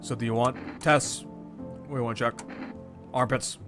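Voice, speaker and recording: A man voicing a gruff, blunt tall man in a game, in a flat, grumbling tone. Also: mid-range voice, unhurried, faint music behind, pitched below the performer's own voice, natural voice.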